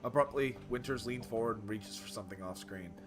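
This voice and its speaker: Low-voiced man reading a game aloud. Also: brisk. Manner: wry asides between read lines. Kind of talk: narrated game playthrough. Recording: game music behind voice.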